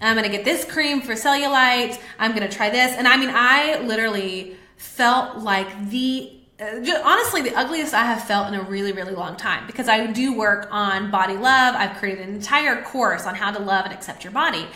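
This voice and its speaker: A woman's voice: fairly high pitch, moderate pace, pushed and bright, echoey room. A woman hosting a live-streamed talk, speaking candidly and confessionally to her viewers, with plenty of fillers. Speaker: podcast host. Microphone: webcam or phone on a live stream.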